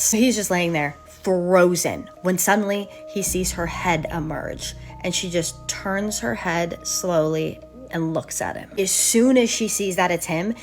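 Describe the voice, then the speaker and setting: A woman host narrating an eerie true story with dramatic build and gushing asides to her viewers. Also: fairly low pitch.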